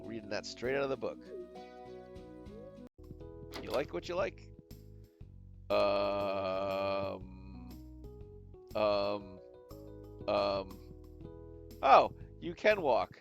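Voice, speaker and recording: Streamer, man, gravelly voice, lively pitch, jokey and profane while playing. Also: very slow, pauses often, dull audio, music in the background. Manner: joking, swears freely, hums and mutters while playing. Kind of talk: casual gameplay commentary.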